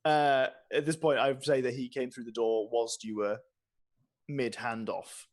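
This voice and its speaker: A man narrating a tabletop game as game master, relaxed and rambling. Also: mid-range voice, measured pace.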